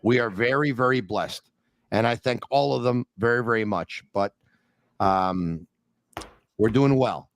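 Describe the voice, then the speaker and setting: A man's voice: mid-range voice, unhurried, long pauses, slight background noise. A man hosting a hockey podcast, reading ads and talking straight to listeners with an emphatic, upbeat manner. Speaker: podcast host. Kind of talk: energetic podcast hosting and ad reads.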